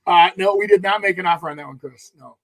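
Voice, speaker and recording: A man who works as a realtor, telling stories in an animated, jokey way and laughing as he talks. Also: high voice, fast talker. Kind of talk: casual storytelling chat.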